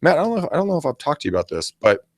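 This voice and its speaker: A man co-hosting a casual coaching chat, animated and acting out silly greetings as he talks. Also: a little high, racing, dry recording, studio quality. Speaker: podcast co-host.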